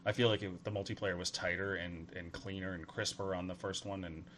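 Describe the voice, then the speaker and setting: A man in his thirties from Atlantic Canada, co-hosting a gaming podcast in animated casual chat. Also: sits low. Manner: animated, quick, laughs often. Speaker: podcast co-host.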